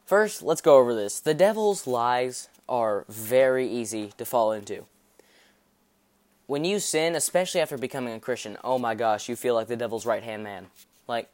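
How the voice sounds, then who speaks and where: A man hosts a podcast sermon in a loose, chatty way, rambling with fillers and joking at himself. His voice sits at a mid pitch and keeps an easy, casual flow as he preaches. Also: darkish tone, no room sound. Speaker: podcast host.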